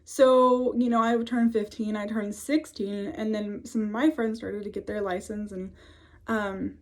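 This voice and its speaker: A woman's voice: mid-range voice, little pitch movement, a little slow, darkish tone. Woman, mid-twenties, casual vlog, chatty, fillers, home office. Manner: chatty, many fillers, laughs often. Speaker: vlogger. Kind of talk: casual storytelling to camera.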